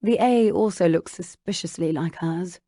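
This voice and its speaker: A woman narrating an audiobook, voicing an earnest bookish young woman who speaks intently, a little hurried. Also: lowish voice, dark tone, dry recording, studio quality. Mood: focused.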